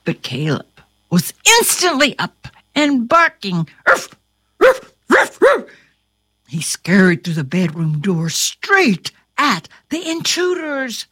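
Husky, animated woman reading a storybook. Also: medium pitch, slow, dry recording. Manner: theatrical, swings from whispers to cries; chatty asides to her listener.

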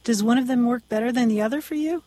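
A woman's voice: on the high side, quick pace, warm tone, no room sound. A woman co-hosting a call-in radio show, welcoming callers and asking curious questions.

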